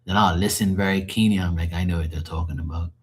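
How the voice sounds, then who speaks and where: A man's voice: low voice, fairly even intonation, fast. A man hosting a live stream, chatting loosely with viewers, casual and explanatory, swearing now and then. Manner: loose, chatty, explaining language differences to chat; swears casually, laughs easily.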